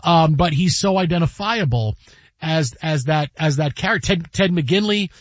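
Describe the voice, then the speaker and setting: A man hosts a sports radio show in a loose, rambling, joking way. His voice sits high, and the sound is dry and close. The whole recording has a dull, lo-fi tone. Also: lively intonation, moderate pace, no echo. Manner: rambling, jokey, breaks into song and impressions. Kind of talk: casual radio banter.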